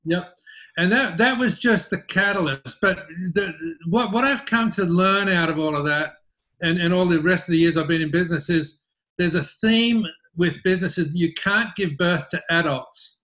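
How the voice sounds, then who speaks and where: A middle-aged man with an Australian accent tells the story of his business as an interview guest, and his voice sits a little high. He talks in a lively way and doubles words as he starts his sentences. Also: normal speed. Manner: animated, repeats words when starting sentences.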